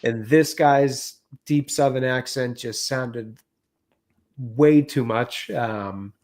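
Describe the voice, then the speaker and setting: A man's voice: mid-range voice, takes it slowly, crowd noise. A man co-hosting a film podcast, giving his view in a hesitant, hedging way. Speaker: podcast co-host. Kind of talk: casual film review chat.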